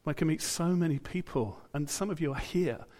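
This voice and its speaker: A man's voice: fairly high pitch, a little fast, darkish tone. A British man preaching a sermon in church, in a conversational way, with asides and quotes he acts out. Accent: British English.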